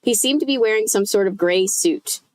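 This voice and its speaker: A woman reading a children's book aloud at a mid-range pitch, relaxed and casual. She breaks off now and then for chatty, joking asides. The sound is dry and close with no room echo. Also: moderate pace.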